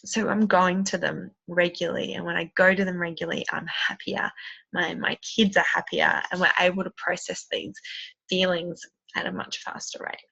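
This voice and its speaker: A bright, crisp-edged woman in her thirties who talks in an enthusiastic, rambling way. Her voice has a gravelly fry. The recording is dull and lo-fi. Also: lowish voice, little pitch movement, normal speed. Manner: chatty, enthusiastic, rambling with many ums. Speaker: essential oils seller. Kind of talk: casual tutorial chat. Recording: dull lo-fi sound.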